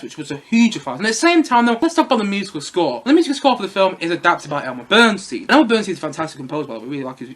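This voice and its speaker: A man's voice: sits high, fairly bright tone. A man giving a casual, enthusiastic film review, rambling and repeating himself.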